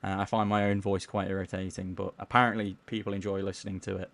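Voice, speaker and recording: A man casually chatting on a live gaming stream, reading chat aloud in a mellowed-out, low-key way and tripping over words as he plays. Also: level tone, fast, vocal fry, fairly bright tone. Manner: stumbles over words while playing.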